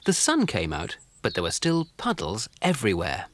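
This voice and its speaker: Calm storybook narrator for a kids' cartoon, mid pitch, very melodic. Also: normal speed.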